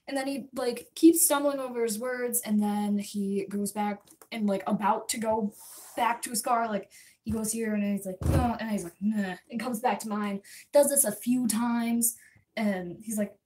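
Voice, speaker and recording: A young adult woman livestreamer telling a story to her chat in a rambling, chatty way, full of quick asides. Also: a little high, slight background noise. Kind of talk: casual storytelling to live chat. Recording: voice a bit distant from the mic.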